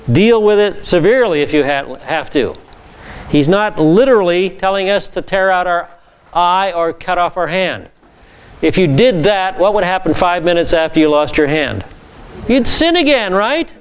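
Guy pastor teaching bible class, smooth clear voice, kinda high, reads verses then riffs on them. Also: normal speed. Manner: lively teaching with scripture readings and asides.

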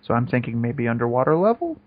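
A man co-hosting a podcast in casual chat, rambling and excitable, with some swearing. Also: mid-range voice, fast, dry recording. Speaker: podcast co-host. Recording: dull lo-fi podcast audio.

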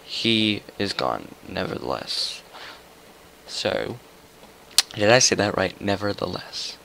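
Gravelly young man narrating gameplay. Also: on the low side, takes it slowly, a little hiss or hum, rough recording. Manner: chatty, excitable, mutters to himself. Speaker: gaming YouTuber. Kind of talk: casual gameplay commentary.

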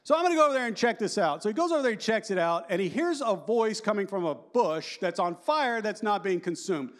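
A man in his fifties giving a lively, joking conference talk and quizzing the audience. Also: sits high, quick pace. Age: 50s. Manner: animated and joking, asks the audience questions. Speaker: conference speaker.

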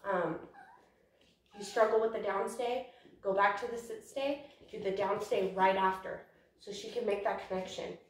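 A woman's voice: mid-range voice, steady tone, normal speed, far from the mic, slight background noise. A breathless young woman explains dog training in a chatty, rambling way. She sounds like she's standing back from the mic in a very echoey room. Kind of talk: casual training lesson.

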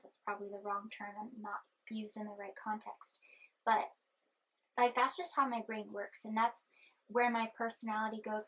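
Brief: young woman vlogger, soft-spoken, slightly high and breathy, anxious, rambling while chewing gum. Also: rough recording. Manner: chatty, meandering, chewing gum. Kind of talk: rambling personal vlog.

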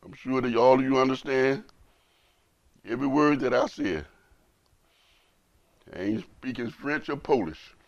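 A man's voice: medium pitch, measured pace, long pauses, dry recording, highs cut off. A man, an imam, giving an emotional, impassioned sermon and repeating phrases for emphasis.

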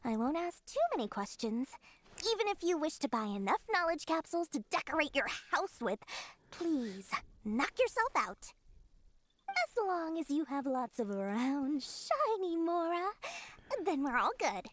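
A high, animated game merchant woman, smooth, scheming and salesy. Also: measured pace, no echo. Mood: sly. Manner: sly, salesy, theatrical. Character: shrewd smooth-talking female black-market merchant. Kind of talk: video game voice acting.

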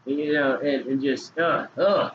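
A man's voice: medium pitch, unhurried. A man casually talking about forex trading in a loose, joking, slangy way with hyped outbursts. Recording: dull lo-fi recording with faint noise.

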